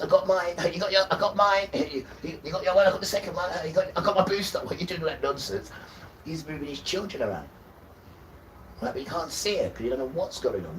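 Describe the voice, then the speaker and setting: A man's voice: mid-range voice, far from the mic, slight background noise, poor audio. Emphatic man preaching on a livestream. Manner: emphatic, lecturing, chuckling asides. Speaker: livestream host.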